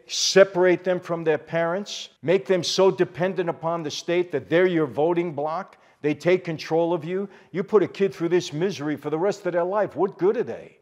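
Worked-up older man, somewhat high voice. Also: darkish tone, muffled recording. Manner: worked up, emphatic, repeats phrases for force; addresses viewers directly as "people". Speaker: channel host. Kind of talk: impassioned commentary to camera.

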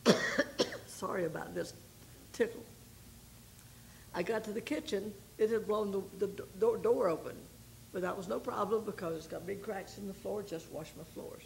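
Older woman, missionary testimony, folksy storytelling, very gravelly voice, faint background hiss. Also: medium pitch, low-quality recording. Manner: folksy storytelling with pauses and repeated starts. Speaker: missionary speaker. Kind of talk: personal testimony talk to a women's group.

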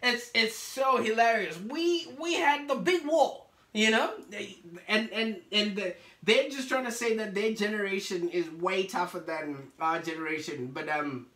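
A man's voice: high voice, unhurried, few pauses. Laughing man in an echoey room. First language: not English. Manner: laughs often, animated retelling. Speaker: podcast host. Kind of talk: casual conversation on a video call.

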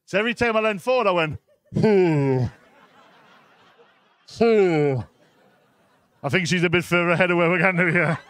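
Brash high-voiced Geordie stand-up comic. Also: male voice, racing, hardly any pauses, bright, forceful tone, no echo. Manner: brash, crude storytelling with constant "right?" asides to the crowd. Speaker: stand-up comedian. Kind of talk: live stand-up set. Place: comedy club stage.

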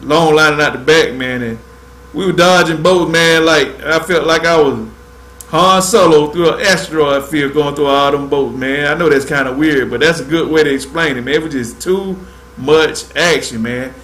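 A man's voice: a little high, moderate pace, fairly bright tone. A man from Georgia, hosting a fishing livestream in laid-back casual chat, tacking "man" onto most lines. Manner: laid-back, drawling, says "man" constantly. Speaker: fishing show host.

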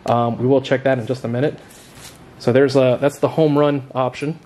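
A man's voice: mid-range voice, normal speed, slight background noise. Laid-back man hosting a home vlog. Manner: relaxed, laughs often, says "man" a lot. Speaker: record store owner and vlog host. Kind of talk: casual vlog chat. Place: home kitchen, indoors.

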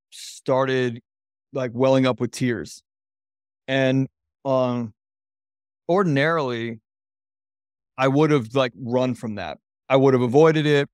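A man's voice: medium pitch, dry recording, clean studio sound. A man, a podcast guest and men's coach, telling a personal story in an earnest, openly emotional way, rambling loosely with many "like" fillers.

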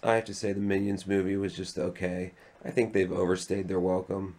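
A man filming a casual home vlog, chuckling and gently soothing his frightened dog. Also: low-pitched, flat delivery, fairly quick. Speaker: vlogger. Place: home indoors.

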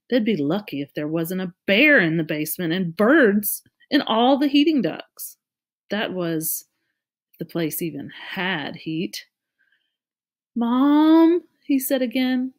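Woman with a lowish voice reading a storybook. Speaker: narrator. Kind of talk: storybook read-aloud.

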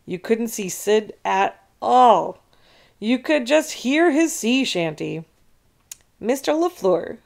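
A woman reading a children's chapter book aloud in an expressive, animated way. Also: mid-range voice, creaky. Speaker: storybook reader. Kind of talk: children's read-aloud narration.

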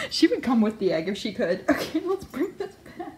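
A woman's voice: a little high, sing-song, unhurried, slight background noise. A woman vlogging her pet rats at home, chatting playfully, laughing often and fondly scolding them. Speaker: pet rat owner and channel host. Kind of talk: casual pet vlog commentary.

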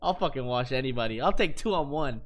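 Brash, bright-voiced male streamer. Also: medium pitch, lively intonation, fast. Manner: brash, profane trash talk. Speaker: game streamer. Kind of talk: casual live-stream gameplay chat.

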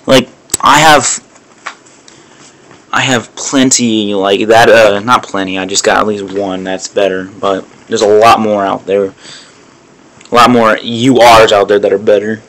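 Slow-talking man with a bright voice. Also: fairly low pitch, steady tone. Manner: crude, swearing, muttering to himself while playing. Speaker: gamer. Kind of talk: mobile game commentary.

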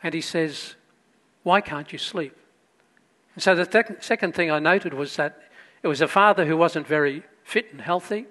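A man delivers a sermon as pastor. His voice sits fairly high for a man. He tells the story with rising emphasis and drops into quieter asides. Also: moderate pace.

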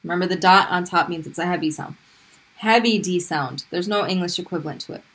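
A woman's voice: lowish voice, fairly quick, a bit bright, low-quality recording. A woman teaching Arabic pronunciation in a recorded video lesson, patiently repeating each sound for drilling.

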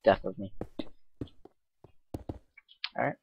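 A man casually commenting on his own gameplay, rambling and mocking himself as he goes. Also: slow. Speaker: let's play host. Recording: dull lo-fi mic with faint hiss.

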